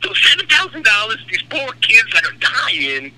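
A brash aging rock star, crude and sarcastic, with a high voice that leaps all over its range, as a man puts him on. He gossips and sneers at his fans. The radio call carries a clear layer of noise. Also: huge pitch swings, normal speed, sharp tone, full character voice, rough recording. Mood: mocking. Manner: crude, sarcastic, gossipy, calls the host by name. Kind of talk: comedic impression on a radio call.

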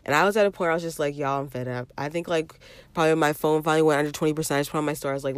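A woman's voice: deep voice, fairly even intonation, very fast, smooth, no room sound. 30s woman rambling thru a storytime vlog, keeps repeating herself, talks right to viewers, dry room. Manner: rambling, repeats phrases, addresses viewers as y'all. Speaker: vlogger. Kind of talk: casual storytime chat.

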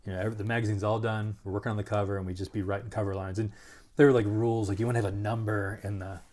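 Rambling, animated man with a lowish voice. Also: rapid-fire. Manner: rambling, animated, full of "like" and restarts; acts out other people's lines. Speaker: interview guest. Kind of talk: casual storytelling.

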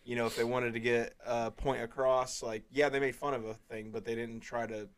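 A man's voice: medium pitch, normal speed. A man co-hosting a podcast, joking and laughing through a casual movie review. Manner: jokey, laughs often, lively delivery. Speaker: podcast co-host.

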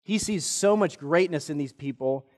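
A male pastor with a fairly high voice and a moderate pace preaches earnestly, weaving in a personal story. When quoting others he shifts into lively voices. The sound has the long reverb of a church sanctuary.

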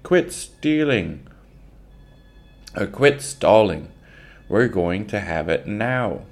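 A man's voice: deep voice, measured pace. A man voicing an angry crowd of workmen. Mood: demanding. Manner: loud, demanding shouts. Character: rough crowd of angry working men.

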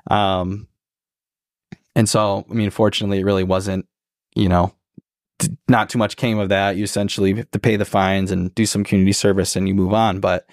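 A man in his twenties, a podcast guest telling a personal story in a relaxed, reflective way, with many filler words. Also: sits low, brisk, dry recording, clean studio sound. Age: 20s. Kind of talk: casual storytelling conversation.

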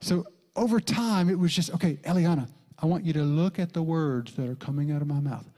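Animated male pastor preaching. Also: brisk. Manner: animated storytelling, jumps in pitch, acts out quotes in soft whispers. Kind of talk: sermon.

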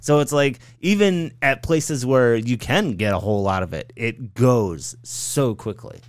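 A man's voice: medium pitch, expressive, measured pace, no echo, clean studio sound. A man co-hosting a podcast in casual chat, telling stories in a laid-back way. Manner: laid-back storytelling, says like and right on. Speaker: podcast co-host.

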